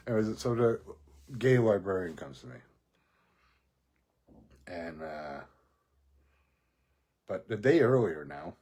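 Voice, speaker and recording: Low husky-voiced rambling man. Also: expressive, slow, long pauses, a little mellow. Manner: profane, rambling, laughs often. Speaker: vlogger. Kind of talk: casual rambling monologue.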